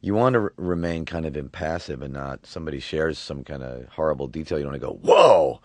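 Very deep-voiced man around forty. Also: darkish tone, no echo. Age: 40s. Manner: halting, restarts words often. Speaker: voice actor guest. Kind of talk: relaxed interview talk.

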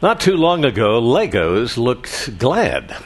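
A man on a radio quiz show, reading limericks in a steady rhythm. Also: medium pitch, takes it slowly, noisy background.

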